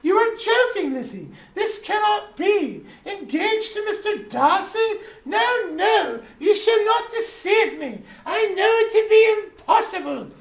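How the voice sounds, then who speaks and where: A man voicing a young English woman in a high falsetto with a posh British put-on. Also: big pitch swings, a little slow, vocal fry, hardly any pauses, exaggerated voice. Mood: incredulous. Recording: roomy echo, away from the mic.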